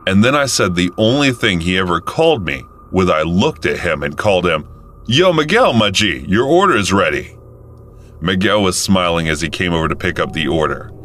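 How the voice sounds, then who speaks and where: Deep-voiced male story narrator. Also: fairly bright tone, slight background noise. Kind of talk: first-person storytelling.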